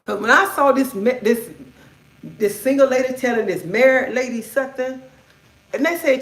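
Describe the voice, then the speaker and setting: A woman's voice: high voice, normal speed. Blunt, outspoken middle-aged woman. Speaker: livestream host. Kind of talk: casual livestream rant. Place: indoors at home. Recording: echoey room.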